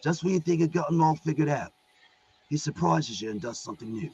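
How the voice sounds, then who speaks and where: A man voicing a calm, wry male archangel with a British accent, speaking in a clipped, matter-of-fact way. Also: on the high side, a little fast, husky, pitched above the performer's own voice. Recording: dull lo-fi recording.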